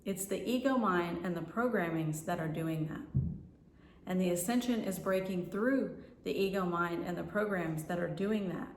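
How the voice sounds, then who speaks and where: A woman's voice: fairly low pitch, moderate pace, a little mellow. A woman spiritual life coach giving a flowing teaching monologue, repeating phrases and checking in with "right?". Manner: flowing, repetitive, tags lines with "right?". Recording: roomy, from far off the mic.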